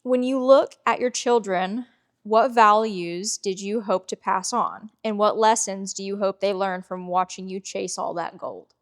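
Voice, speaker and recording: A woman hosting an interview, asking measured, reflective questions. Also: mid-range voice. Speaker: interview host.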